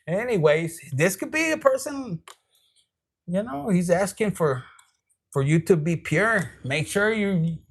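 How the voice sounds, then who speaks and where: Brief: man, tarot reader, high voice, sassy and foul-mouthed. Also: fairly bright tone. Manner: profane, sassy and rambling. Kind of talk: casual tarot reading.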